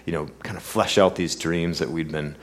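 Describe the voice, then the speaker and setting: A male pastor preaching a sermon, reading scripture with sweeping emphasis, then telling a personal story in an earnest, quiet way. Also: sits low, fairly even intonation, normal speed.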